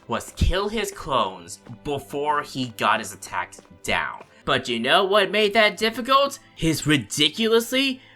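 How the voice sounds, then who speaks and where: Bright-voiced, frustrated gaming commentator. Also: male voice, on the high side, sing-song, measured pace, few pauses, soft background music. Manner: frustrated, profane, lots of "like, you know". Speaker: let's play host. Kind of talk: casual gameplay commentary.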